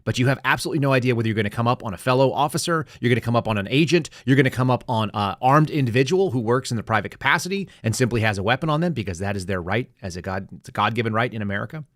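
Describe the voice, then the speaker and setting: A man hosts a commentary podcast, talking quickly and bluntly as he explains his points. His voice sits close and dry, with no room sound around it. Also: mid-range voice, fairly bright tone, dry recording. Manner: blunt, instructive. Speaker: podcast host. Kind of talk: political commentary.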